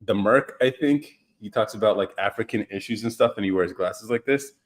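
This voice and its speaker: A young man with a low-pitched voice hosts a casual live podcast. He rambles through stories, teases viewers and reacts to their comments with easy laughter. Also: brisk. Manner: loose, joking, laughs often, reads out viewer comments. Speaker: podcast host. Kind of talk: casual livestream chat.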